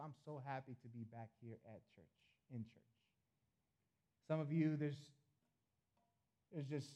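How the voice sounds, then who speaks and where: A middle-aged man preaching a sermon as pastor, earnest, repeating phrases, swinging between loud appeals and soft asides. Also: a little high, lo-fi sound.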